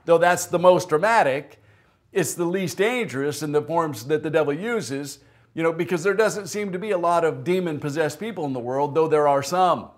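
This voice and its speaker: A man's voice: on the high side, moderate pace. A man preaching a sermon as pastor, telling a story in a conversational way and acting out the people in it. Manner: conversational, tells stories with acted-out quotes. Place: church.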